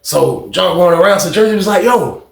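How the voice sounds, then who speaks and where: A man telling a casual storytime monologue about his past, animated and slangy, often slipping into acted voices. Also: high-pitched, brisk, vocal fry. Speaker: storyteller recounting prison life. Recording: echoey room.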